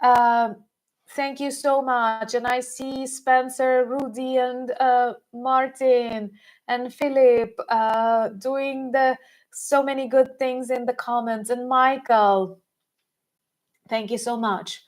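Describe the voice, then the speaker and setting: Woman host, fairly high voice, unhurried and halting, leaning hard on key words. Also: flat delivery, poor audio. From Ukraine. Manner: hesitant, many fillers and restarts, emphatic. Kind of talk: live-stream commentary.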